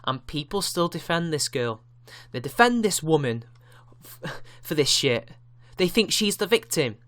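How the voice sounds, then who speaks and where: A man's voice: a little high, big pitch swings, measured pace, fairly bright tone. A man giving a ranting online commentary, indignant and sarcastic, with frequent swearing. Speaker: YouTube commentator.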